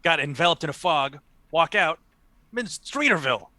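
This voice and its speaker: A man's voice: fairly high pitch, animated, moderate pace, sharp tone, no room sound. A man playing a tabletop game, goofy and playful. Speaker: player.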